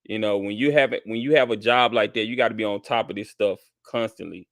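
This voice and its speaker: A male call-in host with a low, smooth voice, recorded dry and close. He talks to callers in an easygoing, sympathetic way. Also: brisk, fairly bright tone, dry recording. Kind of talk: call-in show hosting.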